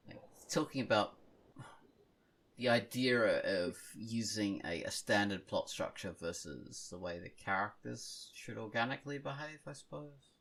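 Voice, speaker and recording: A man's voice: lowish voice, measured pace, creaky, fairly bright tone. A man hosting a casual podcast, playful and joking as he introduces segments. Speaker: podcast host. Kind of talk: casual chat.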